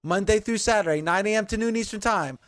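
A male podcast host with a high-pitched voice reads the wrap-up and the credits. He is earnest and polished. The sound is dry and close, with no room around it. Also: quick pace, a bit bright, no room sound. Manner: earnest, polished, thanking and wrapping up. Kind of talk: hosting and outro read.

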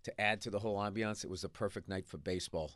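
A male comedian telling stories in a casual radio studio chat, profane and animated, with a throat a little rough from a cigar. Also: fairly low pitch, quick pace, no room sound. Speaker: comedian guest.

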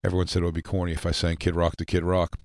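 Deep-voiced man rambling through comedy banter. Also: monotone, racing, darkish tone, no echo. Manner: rambling, joking storyteller. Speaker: podcast co-host. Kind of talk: casual comedy chat. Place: radio studio.

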